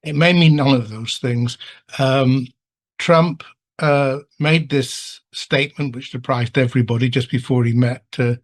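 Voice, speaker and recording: An older man from England, a war studies professor, answering interview questions in a measured way with frequent ums, heard over a video call. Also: mid-range voice, fairly even intonation. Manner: measured, hesitant with many ums and uhs.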